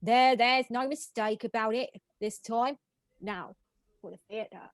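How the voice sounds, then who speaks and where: A woman's voice: on the high side, slow, dry recording, studio quality. A woman reading the part of a bossy mistress of the house, scolding her maid in an old comic play. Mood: imperious. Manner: imperious, scolding. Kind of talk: script read-through.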